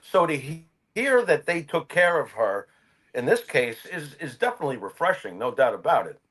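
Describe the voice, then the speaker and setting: A man's voice: fairly high pitch, big pitch swings, moderate pace, a bit bright, husky, rough recording. An older man co-hosting a wrestling interview show, asking questions in an emphatic, rambling way. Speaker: podcast co-host. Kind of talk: conversational interview.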